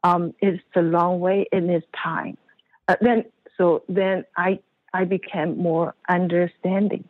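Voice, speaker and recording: A woman's voice: fairly low pitch, little pitch movement, takes it slowly, no echo. A woman guest in an interview, speaking hesitantly with many fillers, heard over a phone line. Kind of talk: interview conversation.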